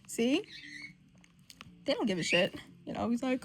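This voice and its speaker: A woman's voice: fairly high pitch, very animated, unhurried, pauses often, a little hiss or hum. A woman giving casual, profane, chatty commentary while reading comics aloud. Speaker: comic reader.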